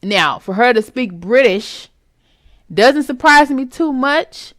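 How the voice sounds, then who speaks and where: A woman hosting a casual celebrity gossip commentary vlog, sassy and animated, throwing out rhetorical questions with some swearing. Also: high voice, takes it slowly, no echo, clean studio sound. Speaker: commentary vlogger.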